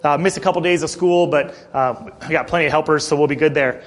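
A middle-aged male pastor with a high voice, preaching in a relaxed, chatty way. He tells stories loosely and keeps clearing his throat between thoughts. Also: fast talker. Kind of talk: sermon.

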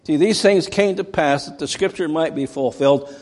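A man's voice: on the high side, normal speed, a little mellow. Man preaching in a reverberant hall. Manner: conversational storytelling with dramatic bursts. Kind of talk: sermon.

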